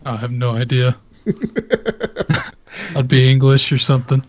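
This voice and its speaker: A man's voice: mid-range voice, expressive, slow pace. A man co-hosting a gaming podcast who speaks hesitantly, with many ums and likes. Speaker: podcast co-host. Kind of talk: casual chat. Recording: dry, dull lo-fi audio.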